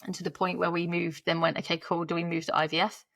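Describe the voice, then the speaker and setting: A woman's voice: fairly low pitch, little pitch movement, fast talker, creaky, a bit bright, no echo. A woman in her thirties, a podcast guest telling her story in a chatty, candid way, laughing often and breaking off mid-sentence.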